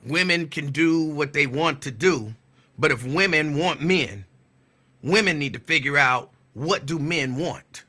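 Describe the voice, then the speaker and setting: A man hosting a call-in radio show in a loose, teasing way. He laughs a lot and repeats his own lines, and at times he slows down to read a definition out deliberately. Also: on the high side, sharp tone, husky. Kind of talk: casual call-in radio talk.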